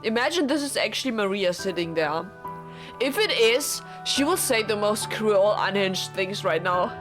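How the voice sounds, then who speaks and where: A woman's voice: medium pitch, animated, normal speed, music in the background. A woman streaming a blind visual novel playthrough, emotional and tearful, swearing often as she talks to her viewers.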